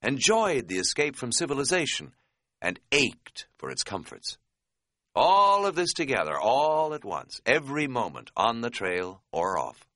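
A man giving a wry, measured first-person audiobook narration. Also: mid-range voice, big pitch swings, sharp tone, no echo, clean studio sound.

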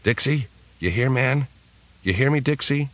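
A man's voice: lowish voice, expressive, unhurried, husky, no echo, exaggerated voice, low-quality recording. A man voicing a tense, angry young male hacker, blunt and profane, in an audiobook. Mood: urgent. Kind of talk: audiobook character reading.

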